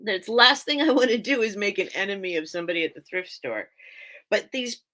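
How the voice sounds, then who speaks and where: A woman's voice: mid-range voice, lively intonation, brisk, sharp tone. A woman hosting a live online sale, chatting casually and rambling as she loses her train of thought and laughs often. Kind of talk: casual live-stream chat.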